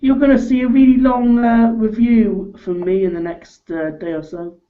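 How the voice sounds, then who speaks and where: A woman's voice: on the high side, fairly even intonation, moderate pace, narrow, tinny audio. A woman co-hosting a casual live chat, asking chatty questions with hesitant fillers. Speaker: co-host.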